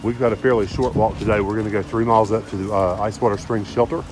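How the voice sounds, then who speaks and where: Speaking fast in a fairly low, fairly even voice, a thru-hiker vlogger talks to camera on a mountain trail, upbeat, grateful and chatty. The casual outdoor vlog is recorded on a handheld phone with background noise.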